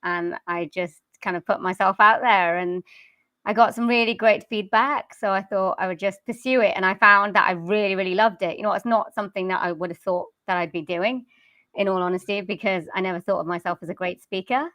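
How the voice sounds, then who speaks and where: A woman's voice: mid-range voice, fairly quick, bright, forceful tone, no echo. A woman from South Wales with a general British accent, a singer and voice-over artist chatting modestly and hesitantly in an interview, laughing often. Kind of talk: casual interview chat.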